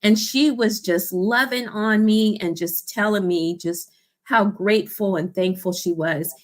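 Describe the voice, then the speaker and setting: A woman's voice: medium pitch, unhurried. A woman who founded a support organization tells a personal story in an interview, earnest and heartfelt, often saying "you know" and "I remember".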